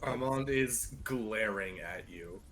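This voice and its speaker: A man's voice: lowish voice, takes it slowly, a bit bright. A man playing in a tabletop game, describing his character's actions in a dry, matter-of-fact way. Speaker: player. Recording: clear background noise.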